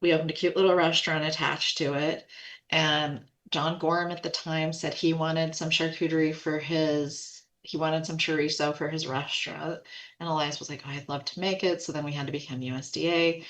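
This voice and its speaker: Guest spot: American woman in her forties, low voice, chatty storyteller who acts out quotes. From United States. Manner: animated, quotes others in quick asides, laughs often. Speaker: podcast guest, food company co-founder. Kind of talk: casual storytelling.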